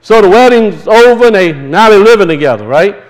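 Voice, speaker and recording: A man preaching a sermon, talking conversationally and with passion, drawing words out for emphasis and reading scripture slowly. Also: sits high, expressive, low-quality recording. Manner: reads scripture aloud slowly and deliberately.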